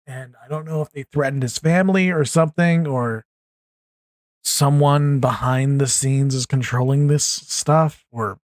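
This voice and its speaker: A man's voice: mid-range voice, no room sound. A tired man giving casual, rambling political commentary, frustrated and restarting often. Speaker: commentary YouTuber. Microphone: USB desktop mic.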